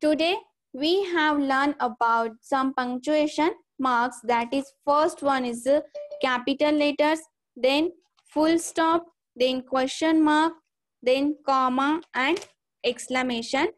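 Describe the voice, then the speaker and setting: Woman, teacher, high voice, slow and patient, step-by-step explaining. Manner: repeats "okay" and "see here" often, explains step by step. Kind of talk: classroom grammar lesson.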